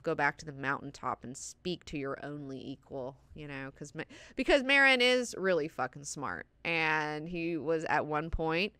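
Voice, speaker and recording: A woman's voice: sits low, pushed and bright, clear, resonant tone, no echo. A woman hosting a book class, talking casually with heavy swearing and lots of "like" and "you know".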